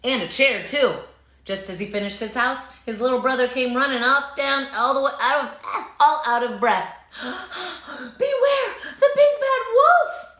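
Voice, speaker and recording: A woman's voice: a little high, normal speed. A woman hosting a children's read-aloud, reading a storybook and coaxing listeners to join in the actions. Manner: lively, coaxes listeners to join in. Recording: roomy echo.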